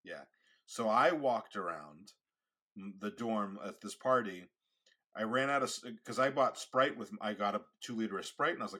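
A man co-hosting a podcast in casual chat, halting and restarting often, with wry asides. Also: on the low side, animated, bright, forceful tone, husky. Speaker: podcast co-host.

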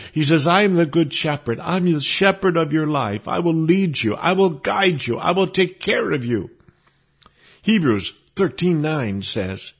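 A man delivers an earnest sermon, quoting scripture and closing in prayer. His voice has a husky, slightly breathy edge and sits at an ordinary middle pitch. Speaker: preacher.

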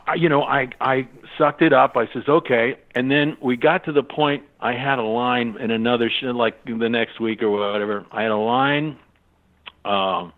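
An older man from California, a voice actor, telling lively anecdotes and acting out other people's voices as he goes. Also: mid-range voice, normal speed. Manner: animated, acts out other people's voices in his stories. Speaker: voice actor guest. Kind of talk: anecdotal storytelling. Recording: tinny phone-line sound.

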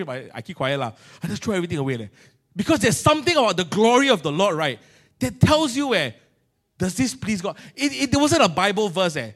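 A middle-aged man with a Singaporean English accent preaching a sermon in a colloquial, animated way, acting out little scenes. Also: sits high, quick pace. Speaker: pastor.

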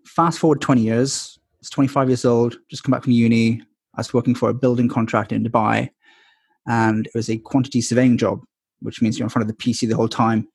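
A man's voice: medium pitch, a little mellow, husky, dry recording, clean studio sound. A man in his twenties or thirties, a podcast guest, telling his life story candidly with many ums and likes. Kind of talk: casual storytelling interview.

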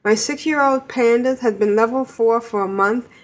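A woman's voice: fairly high pitch, normal speed. A woman co-hosting a gaming podcast, cheerfully reading a listener's email aloud and laughing between lines. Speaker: podcast co-host.

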